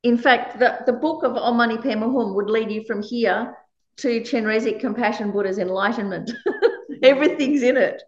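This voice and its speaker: A woman with a fairly high voice gives a conversational dharma talk as a meditation teacher and laughs often. The recording sounds roomy, as if made in a reverberant space. It is also slightly dull and muffled. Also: normal speed.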